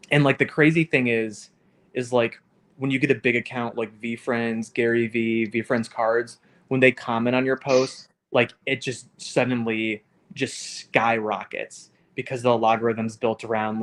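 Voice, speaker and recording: A man's voice: mid-range voice, little pitch movement, a little slow. A man co-hosting a casual livestream chat, rambling and leaning hard on fillers. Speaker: co-host.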